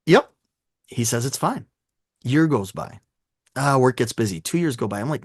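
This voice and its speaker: A man chatting as a podcast guest, telling animated stories and acting out both sides of conversations. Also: mid-range voice, moderate pace, long pauses, slightly rough, no echo, clean studio sound. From Chicago. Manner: animated storyteller, acts out dialogue. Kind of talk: casual podcast chat. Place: home room with sneaker collection.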